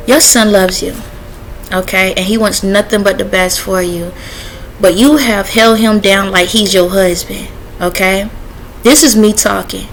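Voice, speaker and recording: A woman's voice: mid-range voice, slight background noise, poor audio. A woman talking casually in a vlog, relaying messages she says come from spirits and stopping to ask them yes-or-no questions. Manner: chatty with frequent fillers and laughter. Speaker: spiritual messenger vlogger.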